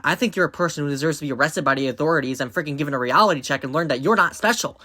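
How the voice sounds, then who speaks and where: A woman doing reaction commentary in an exasperated, ranting way, her voice strained from yelling. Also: extremely low pitch, fast talker, no room sound. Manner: exasperated, ranting, swings into outbursts. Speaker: commentary creator.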